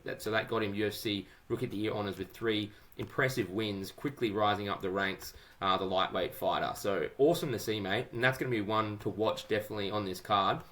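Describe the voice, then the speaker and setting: A man's voice: fairly low pitch, fairly bright tone. An Australian man hosting a podcast in a casual, upbeat, chatty way, often calling his co-host "mate". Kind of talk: casual chat.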